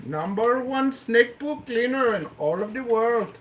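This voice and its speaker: A man's voice: very high voice, lively intonation, a little slow, fairly bright tone. A man from Canada live-streaming from a room with his pet snakes, bantering playfully with his chat in a casual, joking way. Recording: roomy, echoey room with faint noise.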